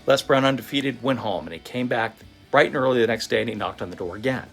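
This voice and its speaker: A man telling a motivational story in a vivid, animated storytelling manner. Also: mid-range voice, fast talker, creaky, few pauses. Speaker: motivational speaker. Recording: faint guitar music behind. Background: soft guitar music.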